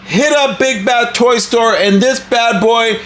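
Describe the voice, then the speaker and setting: A man hosting an excited toy unboxing review, talking in a hyped, animated, casual way with some cussing. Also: very high-pitched, takes it slowly.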